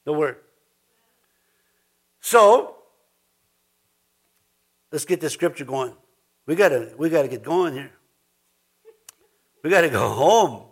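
A man's voice: fairly high pitch, a bit bright. A man preaching an informal sermon as pastor, chatty and laughing, with frequent restarts and repeated words.

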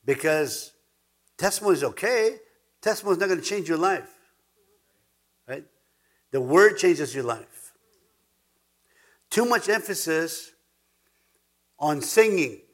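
A man's voice: a little high, lively intonation, a little slow, pauses often, a bit bright. A man preaching a sermon as pastor, emphatic, repeating words for stress and now and then chuckling.

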